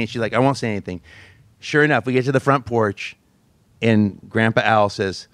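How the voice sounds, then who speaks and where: Guy preaching, tells it like a story, laughs at himself, mid pitch, dry close sound. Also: normal speed, no room sound. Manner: animated storyteller, laughs at himself, acts out quoted voices. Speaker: pastor. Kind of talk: sermon storytelling.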